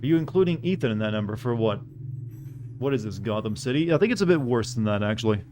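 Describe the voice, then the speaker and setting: A man's voice: mid-range voice, animated, quick pace, darkish tone, slight background noise. A man from the Southern United States casually commenting on a game he is streaming, rambling and wry as he chats with viewers.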